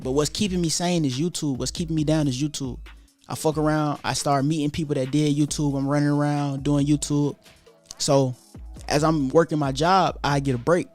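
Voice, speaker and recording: Animated young man, slangy storytelling. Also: fairly high pitch. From Atlanta, USA. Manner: animated, profane street slang, acts out quoted voices. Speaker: YouTuber telling his story. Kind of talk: casual storytelling monologue.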